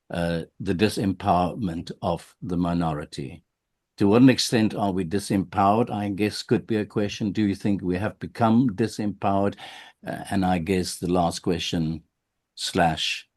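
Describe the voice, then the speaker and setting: This is a man hosting a sit-down podcast interview. His voice sits very low and deep. He talks in a measured way and often restarts and hesitates mid-sentence. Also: a little mellow. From South Africa. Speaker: podcast host.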